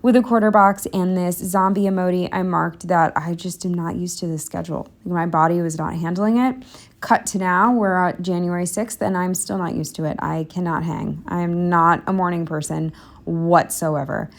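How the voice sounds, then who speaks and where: A woman's voice: fairly low pitch, fairly even intonation, normal speed. A young woman narrating a planner vlog in a candid, rambling, self-deprecating way, slightly out of breath. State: a bit out of breath. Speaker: planner vlogger. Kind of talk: casual voice-over narration.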